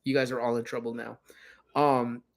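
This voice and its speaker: A man hosting a laid-back livestream from his home, drifting from topic to topic. He teases his viewers and jokes around as he reads their comments aloud. His pitch sits in the middle range. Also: flat delivery, normal speed, vocal fry. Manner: rambling, joking, teasing viewers. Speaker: livestream host. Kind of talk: casual livestream chat reading viewer comments.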